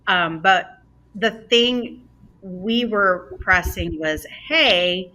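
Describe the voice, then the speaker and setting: Bright-voiced woman telling a client story. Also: mid-range voice, very slow. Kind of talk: casual anecdote.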